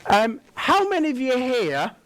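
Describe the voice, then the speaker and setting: A man with an English accent gives a keynote at a conference, speaking at a slow, unhurried pace. His voice sits high for a man. He jokes with the audience and keeps putting questions to the room. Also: huge pitch swings, fairly bright tone. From England. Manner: jokey, asks the room questions. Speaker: keynote speaker and sales trainer.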